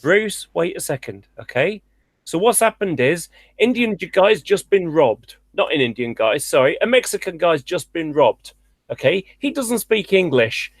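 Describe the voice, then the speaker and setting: High-voiced exasperated male host. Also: moderate pace, no room sound. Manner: exasperated, challenging, animated storytelling. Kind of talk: hosting a heated call-in debate.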